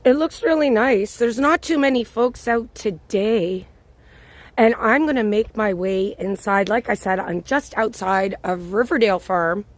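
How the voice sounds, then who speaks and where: A woman's voice: medium pitch, measured pace, dry recording. A woman hosting a live-stream walking tour outdoors, chatting and greeting viewers by name as she films on a handheld phone. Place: outdoors on a snowy city walk.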